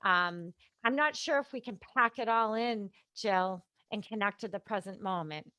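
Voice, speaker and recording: Woman host, clear bright tone, dry close sound, halting and moved. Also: medium pitch, no echo. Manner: warmly moved, halting with fillers. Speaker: host, professor. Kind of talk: interview conversation.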